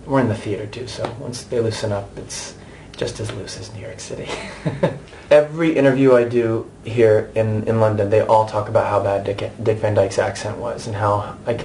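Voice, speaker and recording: A man's voice: fairly low pitch, fairly even intonation, moderate pace, gravelly, darkish tone, slight background noise. An American man in his thirties, an actor giving a candid, chatty interview with many restarts and asides. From United States.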